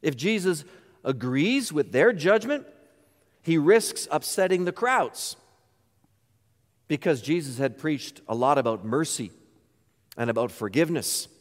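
A man's voice: fairly high pitch, expressive, unhurried, long pauses, in a large hall. A man pastor delivering a sermon, emphatic and full of rhetorical questions.

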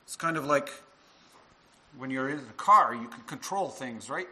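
A man preaching a sermon in a bright, forceful voice, pressing his congregation with rhetorical questions. His pitch sits in an ordinary middle range, and his voice at times drifts farther from the microphone. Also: lively intonation, moderate pace, rough recording. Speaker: minister.

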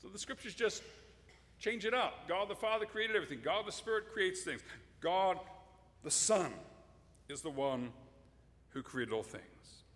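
A man delivers a sermon in a fairly high voice, stressing key words and at times speaking straight to the children. His voice rings out with a long reverb trailing behind it. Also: lively intonation, a little slow, long pauses, a bit bright. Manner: emphatic, addresses children directly. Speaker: preacher.

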